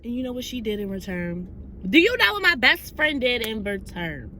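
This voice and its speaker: Female vlogger, bright tone, faint background noise, animated storyteller. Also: fairly high pitch, normal speed. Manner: excited, animated retelling with quoted asides. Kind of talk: casual storytime vlog.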